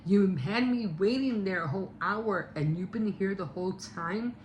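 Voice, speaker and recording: A woman voicing a furious, betrayed wife who confronts her husband in a shrill, accusing way as she retells a story. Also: normal speed, slight background noise, close to an everyday voice. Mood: angry. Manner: shrill, accusing, repeating herself.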